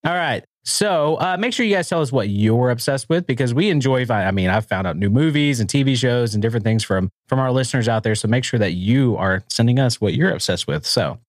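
Animated, upbeat male podcast host. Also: mid-range voice, fairly quick, few pauses, dry recording, studio quality. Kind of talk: casual podcast chat. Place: studio.

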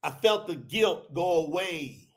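A middle-aged man hosts a livestreamed podcast scripture talk, preaching fervently and shouting at the high points. His voice is fairly high and animated, though his pace is slow.

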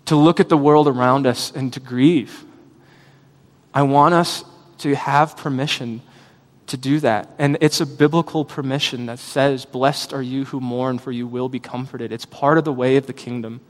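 A male pastor delivers a sermon in an earnest, reflective way, weaving in personal stories. His voice sits at an ordinary middle pitch. A long reverb hangs around him, as in a church sanctuary.

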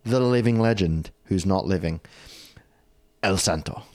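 A man's voice: deep voice, a little slow, darkish tone, no room sound. A British man co-hosting a casual podcast chat, joking and reading quotes aloud. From Britain. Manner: jokey, laughing, reads quotes aloud. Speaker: podcast co-host.

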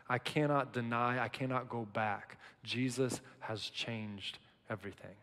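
A man delivering a relaxed, conversational sermon at a mid pitch. He builds from hushed, low phrases to loud, pumped-up emphasis as he tells the story. His voice carries a long reverb, as if spoken in a large hall. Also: unhurried, a little hiss or hum. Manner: animated, emphatic storytelling with swings from quiet to loud. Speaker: pastor. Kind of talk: casual sermon.

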